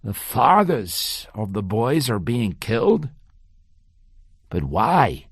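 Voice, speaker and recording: A man's voice: medium pitch, very animated, slow pace, creaky, breathy edge, no room sound, clean studio sound, heavily acted. A man voicing a cold, ruthless older Nazi doctor who covers his German accent with American speech, clipped and menacing. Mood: false friendliness. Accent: German, masked with American. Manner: clipped, menacing, falsely friendly. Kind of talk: audiobook character voice.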